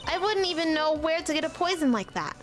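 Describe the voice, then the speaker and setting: A woman's voice: sits high, expressive, a little fast, a little hiss or hum, voice pushed up. A woman voicing a demure, innocent-sounding young female witness in a video game.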